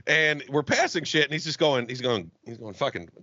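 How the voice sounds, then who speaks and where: Male podcast co-host, lively swooping delivery, bright edge, dry and slightly dull close-mic sound, profane rambling storyteller. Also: medium pitch, fairly quick, no room sound. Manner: profane, rambling storyteller with animated quoted voices. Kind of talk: casual comedy podcast chat. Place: Jacksonville, Florida.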